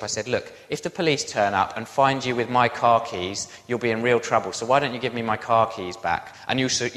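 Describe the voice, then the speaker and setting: Man preaching in an echoey hall. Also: lowish voice. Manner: animated storyteller, self-deprecating asides. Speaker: pastor. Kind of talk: sermon storytelling.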